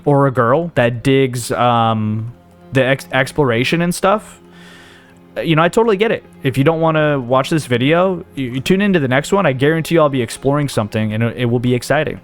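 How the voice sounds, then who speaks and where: With soft music underneath, a hiccuping gaming channel host works through his inventory, thinking aloud and rambling casually for his let's play. He has a mid-range voice with lively intonation and a fairly quick delivery.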